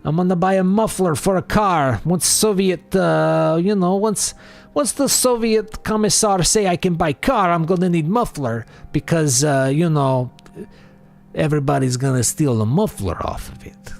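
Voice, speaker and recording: A man putting on a giddy Soviet fellow with a comic put-on Russian accent, his voice pitched high and sounding off-mic. He rambles excitedly in broken grammar about his cash. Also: normal speed, creaky, soft background music. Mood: giddy boasting. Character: boastful Soviet man dreaming of rubles.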